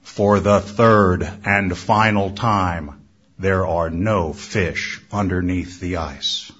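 Man doing a low solemn rink boss voice, drawn out, kinda muffled recording. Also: fairly bright tone, breathy edge, heavily acted. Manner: slow, solemn and booming. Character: booming deep-voiced male ice rink manager. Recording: dull lo-fi recording.

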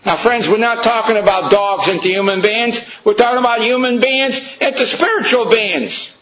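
A man's voice: very high voice, steady tone, normal speed, dull audio, background noise. A man preaching a storytelling sermon, emphatic and questioning his listeners.

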